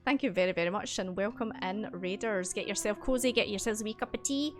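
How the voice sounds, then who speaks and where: A woman's voice: mid-range voice, fast, over music. A woman narrating a tabletop game as dungeon master on a stream, chatty with lots of fillers.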